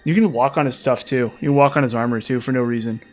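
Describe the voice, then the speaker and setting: A man's voice: mid-range voice, fast talker, darkish tone, soft background music. A man giving casual, rambling gameplay commentary as a streamer, chatty and full of filler words. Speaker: game streamer.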